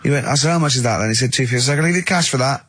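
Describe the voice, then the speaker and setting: A man's voice: mid-range voice, very fast, fairly bright tone, no echo. A man co-hosting a radio show, telling rambling anecdotes in casual banter and acting out the people he quotes. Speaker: radio co-host. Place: radio studio.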